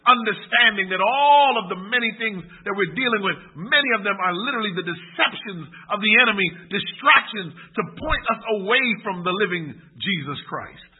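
Impassioned preacher, husky, phone-thin audio. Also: male voice, sits high, narrow, tinny audio. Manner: impassioned, rising and falling, emphatic pauses. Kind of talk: sermon and closing prayer.

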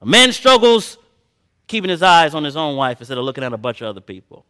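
Bright-voiced impassioned male preacher. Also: medium pitch, lively intonation, rapid-fire, clear, resonant tone. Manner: swings from quiet storytelling to loud impassioned preaching; reads scripture in old-fashioned phrasing. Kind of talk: sermon.

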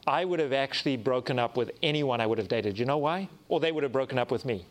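A man preaching a sermon, telling a personal story with lively acted-out dialogue and self-mocking humor. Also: medium pitch, quick pace. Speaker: pastor.

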